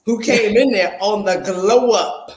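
A woman's voice: mid-range voice, unhurried, reverberant, rough recording. A woman hosting and coaching on a podcast, talking in an informal, teasing way. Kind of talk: casual interview chat.

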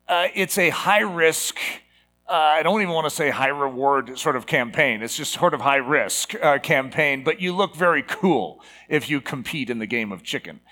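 A man's voice: mid-range voice, animated, moderate pace, bright, forceful tone. A man in his fifties giving a casual, conversational sermon to a live congregation, full of fillers and rhetorical asides.

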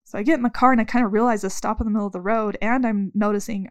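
A woman telling her story in an interview, rambling and halting, breaking off mid-sentence and restarting. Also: mid-range voice, fairly even intonation. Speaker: interviewee recounting events. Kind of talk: casual spoken recollection.

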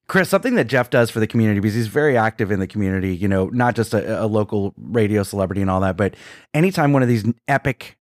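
A man hosting a podcast, asking his guest questions in relaxed conversation. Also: fairly low pitch, fast talker, no echo, studio quality. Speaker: podcast host. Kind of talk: casual interview chat.

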